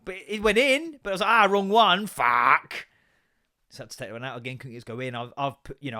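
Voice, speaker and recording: A man in his thirties hosting a solo comedy podcast, ranting with lots of swearing, innuendo and quick mock voices. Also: mid-range voice, fairly bright tone. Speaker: podcast host.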